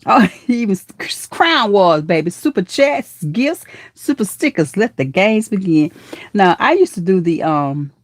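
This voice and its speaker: A woman hosting a casual live-stream chat, affectionate and lively, calling her viewers honey, baby and girl as her voice jumps up in excited greetings. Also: mid-range voice, unhurried, no echo, studio quality.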